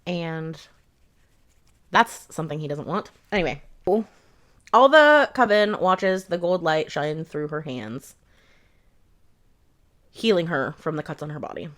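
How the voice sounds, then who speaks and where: A woman's voice: low-pitched, lively intonation, takes it slowly, long pauses, a bit bright. A woman giving a casual rant-style book review, blunt, profane and sarcastic.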